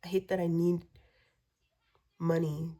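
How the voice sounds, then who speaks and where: Vlogger, woman, low dark voice, profane rambling rant that slips into whispers. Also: level tone, slow. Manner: profane, repetitive venting, drops to whispers.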